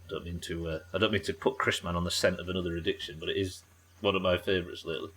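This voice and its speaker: A man's voice: sits low, flat delivery, very fast, fairly bright tone, husky. A young British man streaming a game live, chatting casually, laughing often and swearing freely. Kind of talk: casual live gameplay chat.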